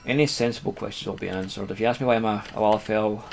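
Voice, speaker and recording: A man's voice: fairly low pitch, steady tone, very fast, creaky. A Scottish man streaming a video game, commenting casually in a dry, self-deprecating way. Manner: dry, self-deprecating, reads quest text aloud. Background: game music.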